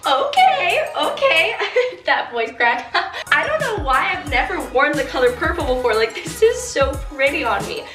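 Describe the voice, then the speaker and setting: A bubbly young woman chats through a clothing haul, her voice pitched high and bouncing all over the place. She gushes and piles on "like" and "literally", with music clearly playing behind her. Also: big pitch swings, moderate pace, few pauses. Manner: bubbly, gushing, says "like" and "literally" often. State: slight fever. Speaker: clothing YouTuber. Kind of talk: casual vlog unboxing and try-on.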